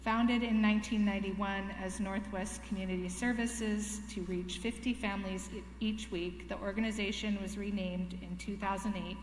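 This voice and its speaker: A woman's voice: mid-range voice, fairly even intonation, moderate pace, few pauses, a little hiss or hum. A woman leading a worship service reads through the announcements, stopping to fix small slips as she goes. Her voice sounds roomy and rings with a long reverb in the sanctuary. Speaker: worship leader. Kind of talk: church announcements. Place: church sanctuary.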